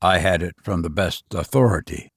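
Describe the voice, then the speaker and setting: A man voicing an older gentleman who vouches for his tale in a grave, low voice. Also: normal speed, gravelly. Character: older male storyteller, grave and assured.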